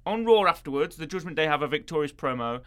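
A man's voice: a little high, fast talker, clean tone. A man co-hosting a podcast, chatting casually and animatedly through a wrestling recap. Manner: animated, puts on voices when quoting wrestlers. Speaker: podcast co-host.

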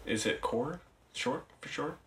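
A man co-hosting a podcast in casual chat, halting and often repeating his words. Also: mid-range voice, fairly bright tone, a little hiss or hum. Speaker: podcast co-host.

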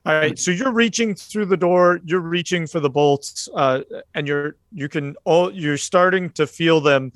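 A man narrates a tabletop horror session as its keeper. His voice sits a little high and sounds dry and close. He rambles through the scene with plenty of fillers. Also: a little slow, a bit bright, dry recording. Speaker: game master.

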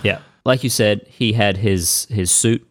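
A man hosting a podcast, retelling a story in relaxed, casual conversation. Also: fairly low pitch, a little slow. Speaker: podcast host telling the story. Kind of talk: casual chat.

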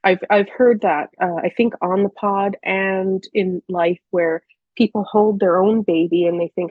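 Husky candid woman guest. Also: medium pitch, steady tone, unhurried, dry recording, phone-quality sound. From Canada. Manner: candid, chatty, hesitant restarts. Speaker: podcast guest. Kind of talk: casual personal storytelling.

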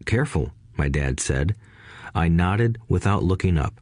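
A man narrating an audiobook in a steady, scripted read-aloud manner, lifting his voice a little for quoted lines. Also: low voice, a little slow, dry recording, clean studio sound.

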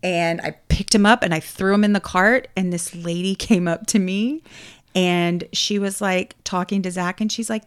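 A woman's voice: on the low side, steady tone, normal speed, smooth. A woman, a podcast co-host chatting casually and telling stories, acting out the people in them. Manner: storytelling, mimics other people in her anecdotes. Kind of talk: casual chat.

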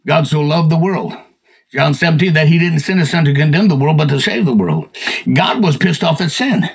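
An older man telling Bible stories in a folksy, animated, casual chat as a podcast co-host. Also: a little high, moderate pace, gravelly, slightly rough. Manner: folksy, animated, acts out voices.

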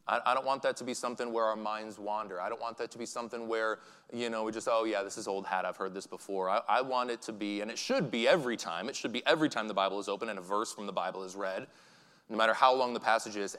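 A man's voice: on the low side, fairly bright tone. Earnest preacher man in a reverberant church. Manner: earnest, halting, with repeated restarts. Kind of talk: sermon. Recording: church hall with long reverb.

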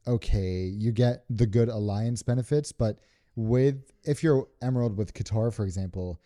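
New york guy co-hosting, chatty, lowish dark voice. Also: normal speed. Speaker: podcast co-host. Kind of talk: casual chat. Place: room in Doha, recorded together in person.

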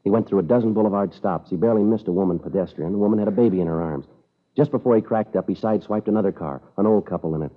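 A man's voice: fairly low pitch, rapid-fire, lightly acted. A man playing a police detective who speaks in a clipped, matter-of-fact way, in an old radio drama. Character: stern, steady male police detective. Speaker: police officer. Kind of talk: 1950s radio drama acting. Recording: tinny old radio broadcast.

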